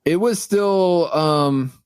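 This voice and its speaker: A man's voice: fairly high pitch, drawn-out words, a little mellow, smooth, dry recording, studio quality. A man co-hosting a casual podcast roundtable, talking hesitantly with many fillers and restarts. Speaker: podcast co-host.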